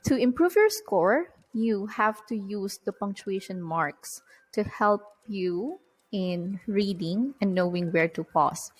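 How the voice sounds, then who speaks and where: A woman's voice: medium pitch, low-quality recording. A woman teaching an English test-prep lesson in an explanatory way, stressing key terms as she goes. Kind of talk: recorded lecture.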